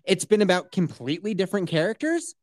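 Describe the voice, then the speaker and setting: A woman's voice: medium pitch, sing-song, quick pace, darkish tone, no room sound, studio quality. A woman co-hosting a podcast review in casual chat, ranting sarcastically and swearing freely. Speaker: podcast co-host.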